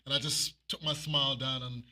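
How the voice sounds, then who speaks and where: A man preaching an animated sermon and reading scripture aloud, with emphatic repeated phrases. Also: mid-range voice, a little fast.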